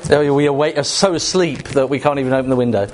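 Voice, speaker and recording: A man preaching a sermon to a congregation, emphatic and animated, with rhetorical questions and asides to the room. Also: medium pitch, fast, a crowd in the background. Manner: jokes directly with the congregation.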